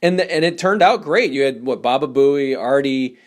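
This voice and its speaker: A man's voice: mid-range voice, animated, normal speed. A man hosting an interview, asking casual, probing questions. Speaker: interviewer, channel host.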